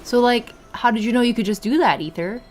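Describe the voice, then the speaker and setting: A young woman casually chatting while streaming a video game. She talks in a chatty, easily distracted way, with bursts of excited exclamations. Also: fairly high pitch, brisk, soft background music. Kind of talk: casual live gameplay commentary.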